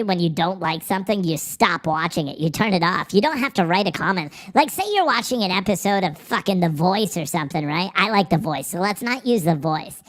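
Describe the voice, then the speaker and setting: A live-stream host putting on a high-pitched cartoon voice as a cocky little male turnip, reading chat in a profane, mocking and boastful way. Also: a bit bright.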